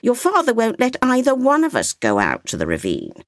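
A woman's voice: fairly high pitch, wildly swooping pitch, moderate pace, no echo, clean studio sound, pitched above the performer's own voice. A woman voicing an old grandmother, curt, sly and disdainful, in a storybook reading.

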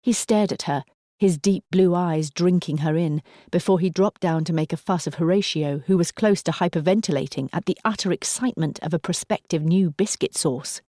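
A woman narrates a novel in a steady storytelling voice. Her tone is low and mellow, and the close, dry recording has no room sound. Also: moderate pace, dry recording. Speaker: audiobook narrator. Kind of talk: scripted narration.

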